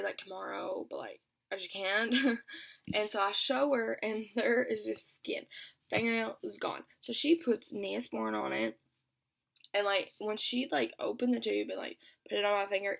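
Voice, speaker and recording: A woman's voice: medium pitch, creaky, fairly bright tone. A young woman telling a storytime vlog in a chatty way, filling almost every phrase with "like". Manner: chatty, says "like" constantly. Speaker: vlogger.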